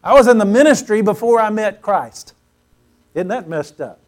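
A man preaching a sermon to a congregation, repeating phrases with rising emphasis and swelling loud on key words. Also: sits high, expressive, moderate pace. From Pacific Northwest US. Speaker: pastor. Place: church sanctuary before a congregation.

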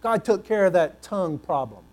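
Pastor guy preaching, kinda high voice, goes loud then drops way down quiet, repeats stuff for emphasis. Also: normal speed. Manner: animated, swings between loud and hushed; repeats words for emphasis, asks the congregation questions. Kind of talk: sermon.

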